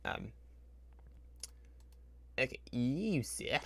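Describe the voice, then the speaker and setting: A man with a mid-range, fairly bright voice talks very slowly but animatedly in a dry recording. He's streaming while building a spreadsheet, thinking aloud in a loose, rambling way, chatting to his computer and inventing little sound effects. Keyboard typing and clicking sound in the background.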